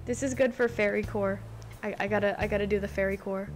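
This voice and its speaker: A woman's voice: medium pitch, fairly even intonation, fast talker, low-quality recording. A young woman in casual reaction commentary, touring a video game island and gushing, repeating words as she reacts. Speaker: gaming vlogger. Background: game background music.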